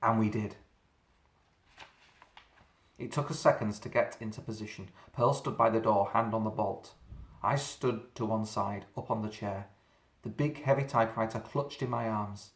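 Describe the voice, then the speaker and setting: Man reading a spooky kids' story. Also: on the low side. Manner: dramatic, slowing down for suspense. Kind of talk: reading a children's story aloud. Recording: roomy echo.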